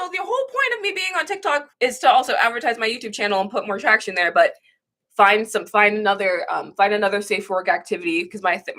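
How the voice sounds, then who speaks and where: Bright-voiced young woman ranting candidly. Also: medium pitch. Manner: candid, swearing, emotional rants; rambling with frequent restarts. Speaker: livestream host. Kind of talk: casual livestream chat.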